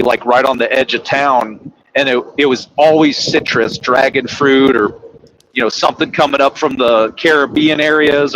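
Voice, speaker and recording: A man's voice: medium pitch, a bit bright, slight background noise, poor audio. A man who drives trucks, telling a casual story in a rambling, profane way. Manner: rambling, profane, acts out quoted people.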